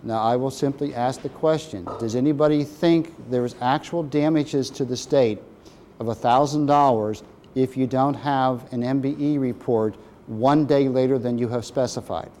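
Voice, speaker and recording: A man lectures a training class in a mellow, relaxed voice at a middle pitch. He works through definitions and puts questions to the room. A faint hum of room noise sits under the recording. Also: moderate pace. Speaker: procurement course instructor.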